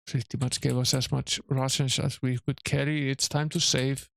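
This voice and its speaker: A man's voice: mid-range voice, flat delivery, normal speed, vocal fry, a bit bright, dry recording. A man streaming a game, giving offhand let's-play commentary and thinking aloud as he plays.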